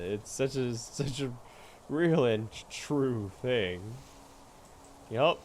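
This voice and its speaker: A man's voice: medium pitch, lively intonation, drawn-out words, long pauses, darkish tone. A man streaming a game, chatting casually and teasing his viewers with frequent laughter. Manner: playful, teasing, often laughing. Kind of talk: casual gameplay chat.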